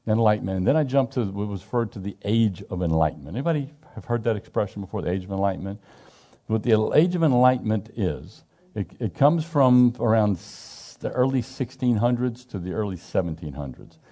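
This Bible study teacher is a middle-aged lay teacher with a low, mellow voice who talks a little fast. His informal scripture teaching is chatty, animated and emphatic, and he keeps asking the group questions. He frequently restarts and repeats himself.

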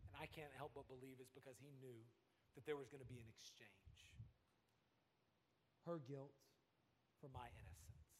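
A man preaching a sermon, dramatic in delivery, dropping to a hush and then rising to emphatic lines. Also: medium pitch, moderate pace, long pauses. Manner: dramatic, swings from hushed to emphatic. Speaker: pastor. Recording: long hall reverb.

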